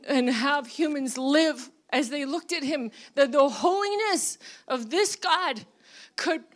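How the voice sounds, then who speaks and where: A woman with a high voice preaching a sermon. She talks conversationally, with fillers and the odd laugh, then builds into animated, emphatic bursts.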